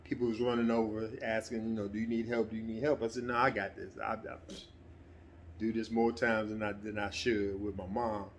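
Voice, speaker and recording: A middle-aged man telling a personal story in a relaxed, conversational way, sometimes getting animated. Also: lowish voice, fairly quick, a little hiss or hum. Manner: relaxed, conversational, breaks into animated quoted voices. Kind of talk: casual spoken anecdote.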